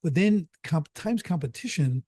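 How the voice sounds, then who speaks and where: A middle-aged man from the Chicago area talks as a business coach in a loose podcast chat, driving his points home by repeating them. His voice sits a little high for a man and comes across close and dry, with no room sound. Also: animated, normal speed, dark tone, slightly rough, dry recording. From Chicago area, USA. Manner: emphatic storyteller, repeats key phrases, says "right?" often. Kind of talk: casual podcast conversation.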